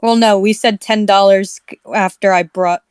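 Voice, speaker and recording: A woman's voice: medium pitch, fairly even intonation, moderate pace, a little mellow, clear, resonant tone, dry recording. A woman co-hosting a casual comedy podcast, teasing and blunt with the others.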